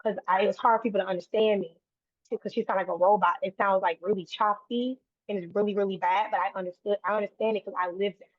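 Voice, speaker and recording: Brief: woman guest, earnest and rambling, mid-pitched, dry tinny phone-like sound. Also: fairly even intonation, fast, no room sound. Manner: earnest, run-on sentences with frequent restarts. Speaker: guest, autism advocate. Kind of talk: conversational interview.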